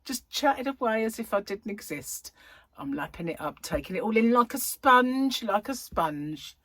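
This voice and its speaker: Husky, lively woman chatting. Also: a little high, a little slow, no room sound. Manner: chatty, laughing, animated storyteller. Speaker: crochet vlogger. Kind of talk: casual chat to viewers.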